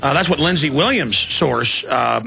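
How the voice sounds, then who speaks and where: Emphatic talk radio host. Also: male voice, on the high side, lively intonation, vocal fry, bright, forceful tone, soft background music. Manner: emphatic, rapid-fire, indignant.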